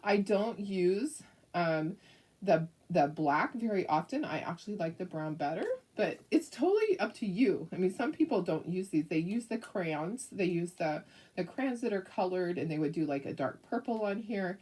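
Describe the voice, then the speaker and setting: A woman's voice: lowish voice, animated, normal speed, darkish tone, distant mic. A middle-aged woman hosting a casual live craft tutorial, chatty and rambling, with lots of fillers and frequent laughs. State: hiccups.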